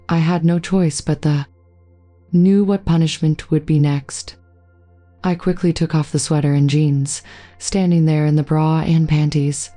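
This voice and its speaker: A woman narrating a first-person story in a steady, even read. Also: sits low, normal speed, soft background music. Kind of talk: scripted narration.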